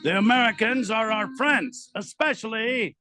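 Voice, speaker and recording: A radio host putting on a French accent to voice a friendly Quebecois man, with a gravelly, sore-throated voice. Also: high voice, normal speed, bright, forceful tone, soft background music, voice pushed up. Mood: earnest. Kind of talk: reading a listener text in a put-on accent.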